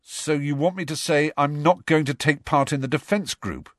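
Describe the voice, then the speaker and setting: An eager, easily worried teenage boy wizard, as a man puts him on in an audiobook. The pitch jumps high and bright above the reader's own. It sounds close and dry. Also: normal speed, no room sound, natural voice. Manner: eager, fretful. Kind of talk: audiobook character voice.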